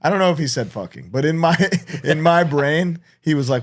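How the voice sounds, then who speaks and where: A man co-hosting a podcast in casual chat, telling stories with lots of swearing and quick restarts. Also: on the high side. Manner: animated storytelling, heavy swearing, frequent restarts. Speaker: podcast co-host.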